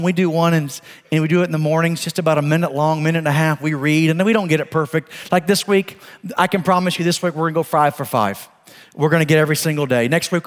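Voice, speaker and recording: A middle-aged male pastor preaching a sermon, moving between emphatic exhortation and soft, chatty storytelling. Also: on the high side, long reverb tail.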